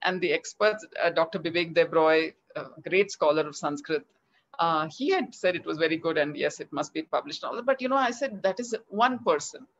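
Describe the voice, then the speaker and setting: Indian lady author, middle-aged, lively storytelling over a video call, kinda dull lo-fi sound. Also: low-pitched, a little fast. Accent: Indian English. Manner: animated, acts out quoted dialogue. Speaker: children's author. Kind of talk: interview storytelling. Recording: slightly dull lo-fi audio.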